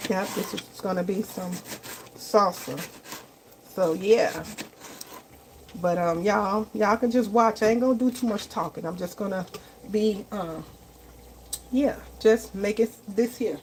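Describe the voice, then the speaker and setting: A woman's voice: mid-range voice, unhurried, pauses often, a little mellow, slight background noise, poor audio. A woman hosting a casual live cooking stream in her home kitchen, chatting to viewers as y'all and tagging okay onto her lines. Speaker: cooking livestream host.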